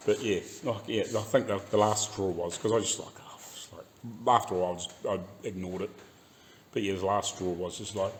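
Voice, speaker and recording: Low-voiced New Zealand man ranting. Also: steady tone, brisk, a little hiss or hum. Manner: swears freely, laughs often, mimics others. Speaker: car restoration YouTuber. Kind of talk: casual rant while working in garage. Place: home workshop garage.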